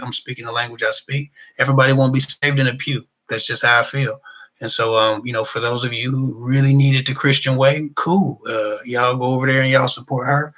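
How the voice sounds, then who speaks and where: A man's voice: medium pitch, bright, forceful tone, low-quality recording. A middle-aged man hosting a live relationship Q&A, chatting casually and reading out viewer comments, with loose colloquial phrasing. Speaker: relationship advice host.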